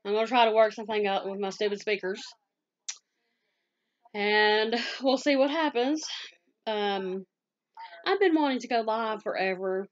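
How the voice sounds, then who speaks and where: A woman in her forties from Southwest Virginia with a Southern American accent, chatting quickly and laughing easily as she answers viewer questions in a casual vlog. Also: medium pitch, highs cut off. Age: 40s. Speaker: YouTube scam-baiter answering viewer questions.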